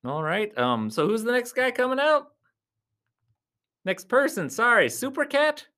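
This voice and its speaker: A vlogger giving casual play-by-play commentary at a live event, chatty and laughing often. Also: a little slow. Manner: chatty, laughs often, lively swings in pitch. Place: at a live arm-wrestling event.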